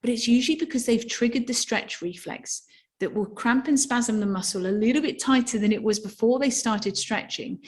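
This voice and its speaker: A woman's voice: fairly high pitch, moderate pace. A woman teaching somatic movement. She talks to a workshop audience, asks rhetorical questions and acts out yawns and sighs.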